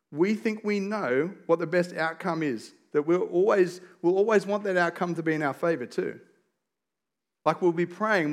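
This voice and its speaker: A pastor, a man in his forties, preaching a sermon in an earnest, storytelling way, dropping softly into prayer. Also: a little high.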